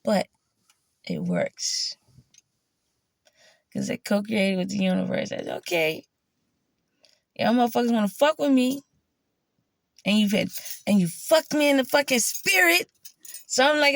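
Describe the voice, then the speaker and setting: Woman vlogger, fry-heavy voice, profane storyteller, dry sound. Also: unhurried, long pauses, no echo. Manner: profane, animated, quoting herself in a higher voice. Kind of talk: casual storytelling monologue.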